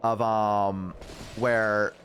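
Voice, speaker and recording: A man streamer telling a role-play game story in rambling, animated casual chat. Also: on the low side, extremely slow, a little hiss or hum. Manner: animated, rambling, full of "like" fillers.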